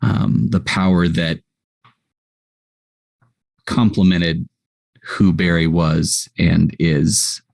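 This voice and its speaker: A man describing his character in a tabletop game, with a very deep, gravelly voice. He talks slowly and flatly and pauses with ums. The sound is dry and close. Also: no room sound. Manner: hesitant, with many ums. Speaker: player.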